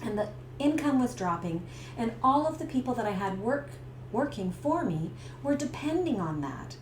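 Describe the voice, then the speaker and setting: In a roomy, echoey space with faint hiss, a Canadian stress coach and business owner in middle age shares a personal story on camera. Her voice is a little high and moves at a normal speed. She's an animated narrator who acts out each scene.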